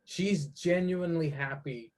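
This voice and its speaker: A man co-hosting a casual podcast, recapping events from his notes in quick bursts. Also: fairly high pitch, darkish tone. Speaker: podcast co-host. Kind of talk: casual recap of wrestling shows.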